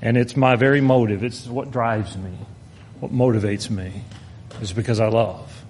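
A man preaching a sermon, earnest, slowing down to stress his points and reading scripture aloud. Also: medium pitch, fairly even intonation, a little mellow, a little hiss or hum.

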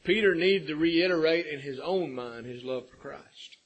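A man delivers a sermon in a husky, slightly high voice. He talks earnestly and climbs to emphatic peaks as he drives each point home. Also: normal speed, lo-fi sound. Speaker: preacher.

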